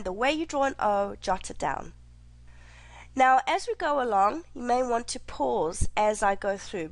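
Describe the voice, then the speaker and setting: A woman teacher talks through a recorded lesson in a fairly high voice with a very animated, swooping melody. She speaks clearly and deliberately, slowing down to stress her examples. The recording is dry and close, with no room sound. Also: dry recording. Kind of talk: recorded online lecture.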